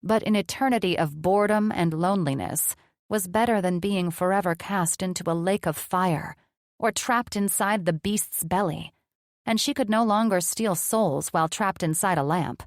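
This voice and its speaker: Narrator: woman, somewhat low voice, dry close recording, measured read. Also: dry recording. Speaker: audiobook narrator. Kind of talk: scripted narration.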